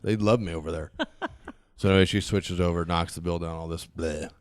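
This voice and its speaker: A man's voice: deep voice, steady tone, a little fast, no room sound, clean studio sound. A man in his forties, a podcast guest, telling a story and acting out both sides of the conversation.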